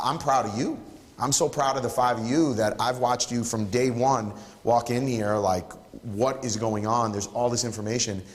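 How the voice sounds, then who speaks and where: A man's voice: mid-range voice, in a large hall. A man leading a photography workshop, encouraging and playful with an emphatic way of talking. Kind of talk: live workshop teaching.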